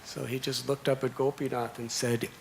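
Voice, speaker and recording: An American monk in his sixties tells a devotional story in a temple sermon, leaning on repeated, listed phrases. His medium-pitched voice is creaky and flat at a moderate pace, with a noisy background.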